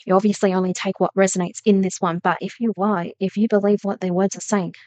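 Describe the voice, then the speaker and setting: A woman reads tarot messages for her viewers in an earnest, emphatic way, often circling back to repeat a phrase. Her voice sits at a middle pitch. The sound is dry and close, with no room echo. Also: level tone, fast, darkish tone. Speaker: tarot reader. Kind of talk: spiritual reading to camera.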